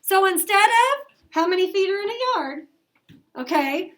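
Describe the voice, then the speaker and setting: A middle-aged woman teaching a math lesson to her class, brisk and coaxing, asking questions as she goes. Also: very high-pitched, expressive, fairly bright tone. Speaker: elementary school teacher.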